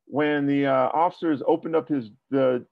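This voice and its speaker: A man's voice: mid-range voice, fairly even intonation, normal speed, vocal fry, no room sound, narrow, tinny audio. A man working as a police tactics trainer, talking through a debrief and asking rhetorical questions. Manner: explanatory, asks rhetorical questions.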